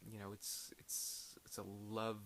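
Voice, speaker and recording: Rambling low-voiced man reviewing a film. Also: monotone, unhurried, a bit bright, slight background noise. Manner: rambling, full of fillers and restarts. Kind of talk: casual video review.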